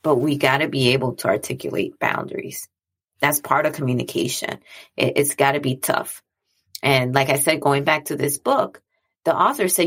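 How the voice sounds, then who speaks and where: Woman, low gravelly register, earnest chatty monologue, repeats lines to drive the point home. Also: normal speed, fairly bright tone. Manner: earnest, conversational, repeats phrases for emphasis. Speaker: speaker on mental health and boundaries. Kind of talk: reflective monologue.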